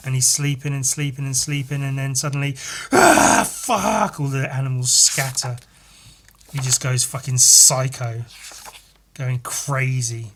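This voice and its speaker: Dude on a podcast narrating a wordless comic, swears a lot, laughs along, lively. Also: male voice, medium pitch, moderate pace, a little hiss or hum. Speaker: podcast host. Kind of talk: casual chat, retelling a picture story.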